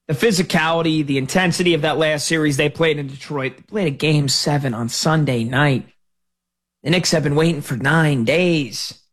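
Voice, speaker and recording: A man hosting sports talk radio, ranting in an animated, exasperated way into a studio microphone. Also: fairly high pitch.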